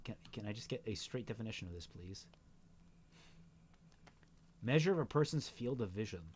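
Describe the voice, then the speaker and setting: A man's voice: fairly low pitch, lively intonation, normal speed, a little hiss or hum. A man hosting a casual livestream, musing aloud and reading word lists off the screen. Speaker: stream host.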